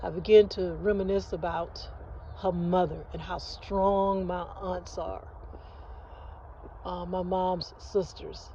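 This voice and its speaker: A woman's voice: fairly low pitch, fairly even intonation, slow pace, mellow, lo-fi sound, slight background noise. A woman in her fifties hosting her own channel, speaking earnestly in a rambling heartfelt vlog with many restarts, recorded at home on a phone. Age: 50s. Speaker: channel host. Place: at home early in the morning. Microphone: phone, face not shown.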